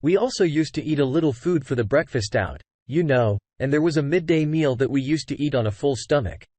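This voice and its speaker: Male storyteller, earnest and conversational; lively pitch, dry close recording. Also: fairly quick, no echo. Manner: conversational, frequent "you know" fillers. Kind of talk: first-person story narration.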